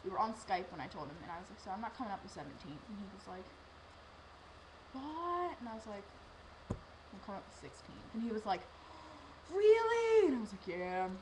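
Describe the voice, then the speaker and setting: Teenage girl, rambling emotional storytelling, acted-out quotes, mid pitch, noisy camera recording. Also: lively intonation, fast. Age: teens. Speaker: vlogger. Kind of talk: personal storytelling vlog.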